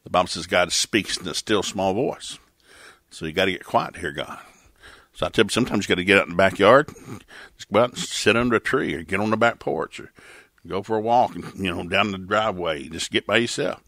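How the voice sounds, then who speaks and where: Older guy, folksy storyteller, low voice with a bright edge. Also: fairly quick, dry recording, clean studio sound. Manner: folksy, laughing, acts out voices in stories. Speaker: pastor and podcast host. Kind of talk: casual storytelling chat.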